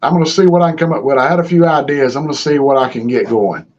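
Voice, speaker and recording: A man's voice: mid-range voice, fast talker, darkish tone. A man, hosting a casual chat from a small room at home, talking in a laid-back, drawling way. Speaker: host. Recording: slightly dull stream audio with faint hiss.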